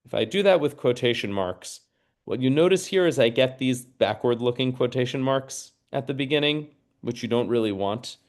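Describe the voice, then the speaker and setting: A man's voice: mid-range voice, animated, normal speed. A man teaching a screen-share lesson, explaining each step patiently and checking in with listeners. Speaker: mathematics teacher trainer.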